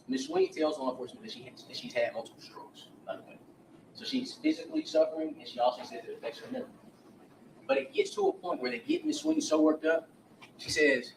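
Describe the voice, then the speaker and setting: A man in a courtroom, delivering a defense attorney's opening statement. He talks quickly and with a lot of rise and fall, leaning hard on his points for the jurors. The sound is roomy and distant, with a faint hum of the hall behind him. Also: sits high, gravelly, a little mellow. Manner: emphatic, addresses jurors directly, retells witness accounts.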